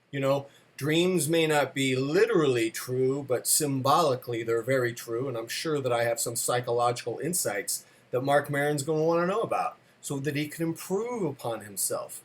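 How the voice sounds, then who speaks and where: A man with a fairly high voice delivering a comic monologue. He rambles, hesitates with frequent fillers, and mocks himself as he goes. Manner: rambling, self-deprecating, many uh fillers. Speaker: storyteller.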